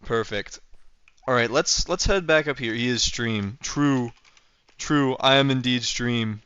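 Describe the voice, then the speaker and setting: A man's voice: mid-range voice, a little slow, pushed and bright, smooth, dry recording, highs cut off. A young man livestreaming a game, chatting casually and rambling playfully as he thinks aloud while building. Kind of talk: casual gameplay livestream chat.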